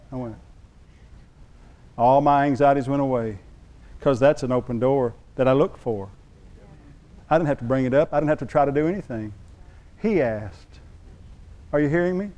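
A man preaching a sermon as pastor, telling a story in an animated way and acting out the voices he quotes. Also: medium pitch, moderate pace, long pauses.

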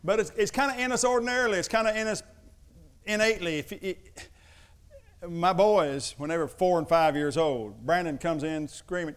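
A pastor preaches a sermon built around personal stories, acting out the voices of his family members. His voice is a little high and clean in tone, at a normal speed.

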